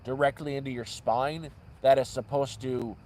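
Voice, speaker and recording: Mid-range, steady, and a little mellow, a man's voice moves at a moderate pace over a low-quality recording with slight background noise. Livestreaming from an outdoor camp at night, he tells rambling stories, often correcting himself in mid-sentence.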